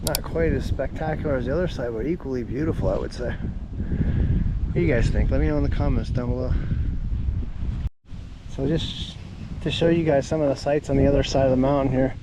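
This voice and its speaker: A man out of breath giving a relaxed, chatty campsite tour outdoors, with plenty of ums. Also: mid-range voice, fairly quick, pauses often. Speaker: camping vlogger. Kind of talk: casual walking tour narration. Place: windy mountaintop campground outdoors. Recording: loud wind noise outdoors.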